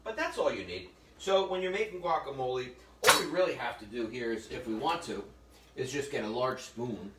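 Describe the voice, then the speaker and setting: A man's medium-pitched voice moves briskly, with lively intonation, as he leads a live cooking demonstration. Chatty and joking, the chef tells stories while working and regularly addresses his viewers as "folks." The audio is roomy, recorded from a distance in a kitchen or library demo room, with faint noise.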